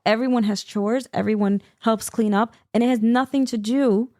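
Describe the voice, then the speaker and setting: A woman in her thirties tells a family story on a casual podcast, her voice sitting a little high. She is animated and laughs often, jumping into high squeals whenever she quotes herself. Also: normal speed, no room sound, clean studio sound. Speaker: podcast co-host.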